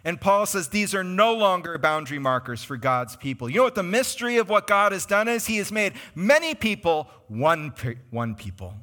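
A man preaching a sermon as a pastor, conversational and animated, speaking to his congregation in a church. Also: sits high, moderate pace, few pauses. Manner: conversational and animated, names congregants, acts out quoted voices. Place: church sanctuary.

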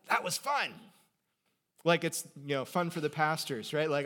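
A male pastor preaching a sermon, animated, swinging between loud emphasis and quiet conversational asides, joking with his congregation. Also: fairly high pitch, brisk.

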